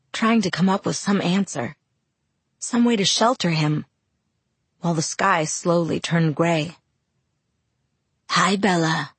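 Husky woman narrating a novel. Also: fairly low pitch, dry recording. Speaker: audiobook narrator. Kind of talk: first-person novel narration.

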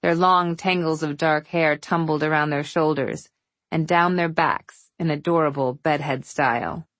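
A woman's voice: low voice, no room sound. A woman narrating a novel in the first person, with a wry, affectionate storytelling manner. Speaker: audiobook narrator.

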